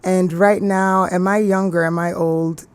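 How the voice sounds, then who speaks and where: A woman's voice: fairly low pitch, flat delivery, a little slow, clear, resonant tone, no echo. A woman from Ghana, an actress, talking earnestly in an interview and laughing easily. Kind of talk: casual interview talk.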